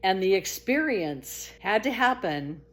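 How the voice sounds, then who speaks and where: A middle-aged woman narrates her story casually and a little slowly, yet stays animated. She rises to high exclaimed quotes, sinks to low murmurs, and laughs throughout.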